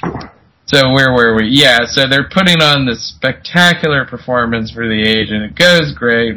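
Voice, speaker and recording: A man's voice: mid-range voice, a little slow, bright, forceful tone, poor audio. A man co-hosting a podcast, recapping a movie in casual chat, laughing and acting out characters' lines. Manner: laid-back, laughing, acts out characters in quotes. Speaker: podcast co-host.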